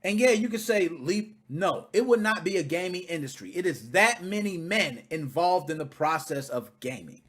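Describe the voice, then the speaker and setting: A man hosting a video reaction, talking casually in an animated, profane, indignant way. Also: high voice, normal speed, hardly any pauses, husky.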